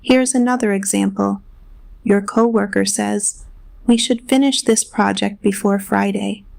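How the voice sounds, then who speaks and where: A woman's voice: medium pitch, steady tone, measured pace, vocal fry, darkish tone. A woman narrating a scripted English lesson, patiently explaining simple phrases and modeling examples. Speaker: English teacher.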